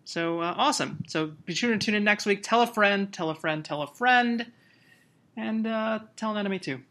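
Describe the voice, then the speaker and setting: A man's voice: high voice, moderate pace, sharp tone. A man co-hosting a podcast in casual chat, laughing often as he runs through loose, joking plugs. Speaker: podcast co-host.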